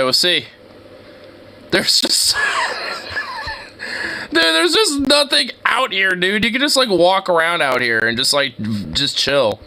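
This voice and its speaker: A man giving casual, excitable commentary while browsing street view, slangy and laughing often. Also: fairly high pitch. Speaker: streamer.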